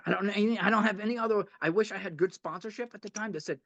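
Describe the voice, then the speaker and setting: A man's voice: high voice, lively intonation, brisk, fairly bright tone, highs cut off. A man giving a heartfelt, rambling talk at a recovery meeting, often repeating himself and laughing a little.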